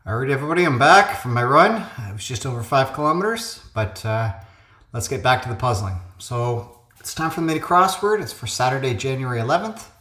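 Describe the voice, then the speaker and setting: A man of middle pitch hosts a casual puzzle video, talking things through out loud with frequent ums and uhs. He is recorded on a phone webcam, and his voice sounds echoey in a room at home. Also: animated, quick pace. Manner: thinks aloud with frequent fillers. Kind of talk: casual solo commentary.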